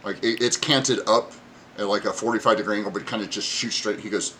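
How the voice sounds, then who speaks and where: Man, game master, lowish bright voice, casual narration, stops and restarts, faint background hiss. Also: fairly even intonation, quick pace. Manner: casual, many fillers and restarts while describing.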